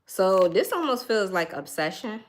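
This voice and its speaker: A woman's voice: mid-range voice, sing-song, measured pace. A woman giving a casual tarot reading, thinking aloud in a chatty way and laughing now and then. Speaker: tarot reader.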